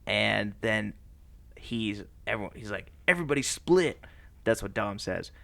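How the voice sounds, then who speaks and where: Lively low-voiced man recapping a movie. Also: a little slow, creaky, dry recording. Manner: animated, laughs often, slips into voices for characters. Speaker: podcast co-host. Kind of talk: casual movie plot recap.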